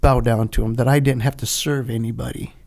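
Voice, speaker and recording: An older man, a retired Navy veteran, telling a lively story in a podcast interview, acting out the dialogue and laughing often. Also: mid-range voice, brisk, vocal fry. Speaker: guest, retired Navy SEAL.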